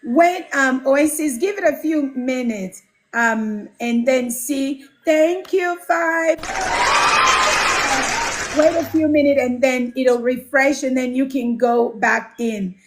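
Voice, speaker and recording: High-voiced woman chatting on a livestream. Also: slow pace, a loud crowd, heavy background noise. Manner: chatty, laughing, greets viewers by name. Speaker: livestream host and home care business mentor. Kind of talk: casual livestream chat reading viewer comments.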